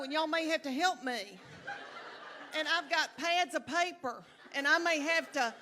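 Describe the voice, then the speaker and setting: A middle-aged woman with a drawl tells homey, self-deprecating stories from a big stage, her voice sitting a touch high. The room gives a long, live reverb with a faint hum of ambience behind her. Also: measured pace, pushed and bright. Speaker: stand-up comedian. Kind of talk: stand-up comedy set. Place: large theater stage with audience.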